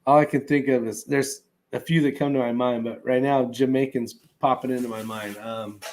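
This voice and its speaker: A man's voice: mid-range voice, fairly even intonation, moderate pace, a little mellow, slight background noise. A man who hosts his own livestream, reading viewer comments and answering them in a loose, rambling way. He pads his talk with fillers and small chuckles as he goes. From California. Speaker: host reading live chat. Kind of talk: casual livestream chat.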